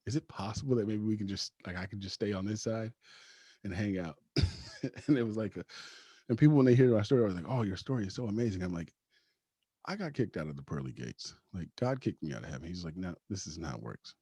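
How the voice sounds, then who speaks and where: A man with a husky voice, a podcast guest telling a personal story casually, laughing often and acting out the lines of the people in it. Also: fairly low pitch, animated, quick pace, dark tone, no room sound. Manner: acts out quoted dialogue.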